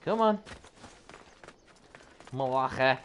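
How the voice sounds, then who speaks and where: A young man casually commentating while he plays a video game, yelling at the screen and chuckling. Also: medium pitch, drawn-out words, slight background noise. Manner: animated, yells at the game, chuckles often. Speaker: gaming channel host. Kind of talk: casual let's-play commentary.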